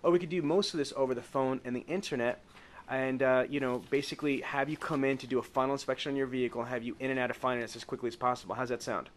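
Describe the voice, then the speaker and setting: A man leads a live sales training with role-play, coaching emphatically, stretching key words, and repeatedly checking that the group agrees. He talks fast in a steady, mid-range voice, with slight background noise.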